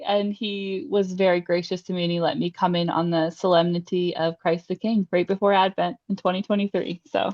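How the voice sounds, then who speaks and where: A woman's voice: on the low side, steady tone, fairly quick, hardly any pauses, a little mellow, no echo. A young adult woman sharing her faith testimony in a casual interview, chatty and heartfelt, with lots of fillers. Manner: emotional, heartfelt. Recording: dry, slightly dull sound.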